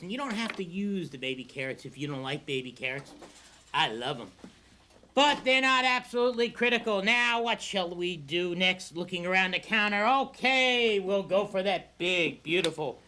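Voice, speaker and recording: A high-pitched man hosts a cooking show in a studio kitchen. He's a folksy, hammy showman with a bright, sharp tone, and there's a faint hiss behind him. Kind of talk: cable TV cooking demonstration.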